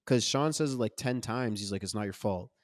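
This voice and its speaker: Male podcast co-host, lowish voice, casual chat, animated, dry close sound. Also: fairly quick, dry recording. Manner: animated, loose, casual with slang. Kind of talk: casual film discussion.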